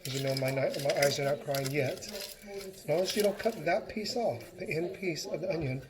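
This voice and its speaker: A man's voice: fairly high pitch, moderate pace, background noise. A man giving a casual cooking demonstration in his home kitchen, chatty and encouraging as he talks while chopping.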